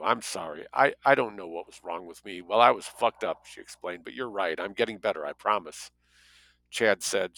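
Male audiobook narrator, low voice, bright forceful tone, dry close sound. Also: no echo, poor audio. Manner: plain storytelling, voices dialogue lightly. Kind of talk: audiobook reading.

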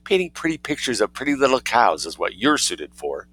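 A man's voice: medium pitch, big pitch swings, a little fast, dry recording, voice pushed up, low-quality recording. A man voicing a prim, indignant lady who scolds sharply in a storybook reading. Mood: outraged. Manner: haughty, sharp-tongued, easily outraged.

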